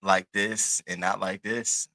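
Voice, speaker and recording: Guy spilling a story to his viewers, lots of cussing, forceful bright tone. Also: on the low side, slow, creaky, dry recording. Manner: animated, profane, chatty. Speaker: host.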